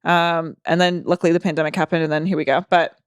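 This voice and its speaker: A woman's voice: sits low, little pitch movement, fast talker, smooth, dry recording, clean studio sound. A young woman co-hosting a podcast, chatting candidly and swearing often. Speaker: podcast co-host. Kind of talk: casual chat.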